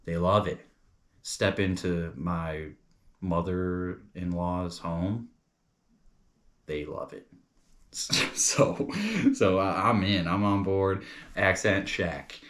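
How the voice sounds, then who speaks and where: A man's voice: low voice, fairly even intonation, slow pace, pauses often. A young man from New York chatting casually as a comedy reviewer, rambling and loose, calling people bro and dude.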